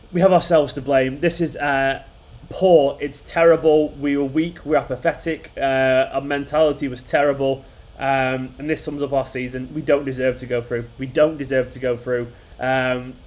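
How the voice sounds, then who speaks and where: Exasperated football fan ranting. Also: male voice, mid-range voice. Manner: exasperated, swearing, repeating himself. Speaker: fan channel host. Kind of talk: live football watchalong reaction.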